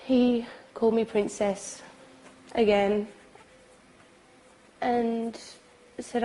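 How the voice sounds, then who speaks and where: Tearful woman giving slow testimony. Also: on the high side, fairly even intonation, warm tone, slight background noise, poor audio. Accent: British. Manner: halting, pausing, hesitant with many ums. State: crying, sobbing. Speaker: abuse survivor recounting her experience. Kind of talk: documentary testimony.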